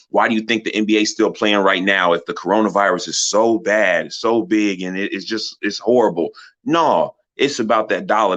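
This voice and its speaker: A man's voice: fairly low pitch, fairly bright tone. A man hosting a sports channel, giving a passionate, preachy commentary full of rhetorical questions. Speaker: channel host.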